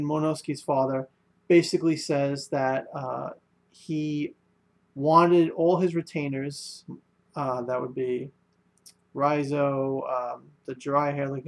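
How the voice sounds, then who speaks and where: A young man giving a casual spoken manga review, rambling with lots of fillers and restarts. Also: on the high side.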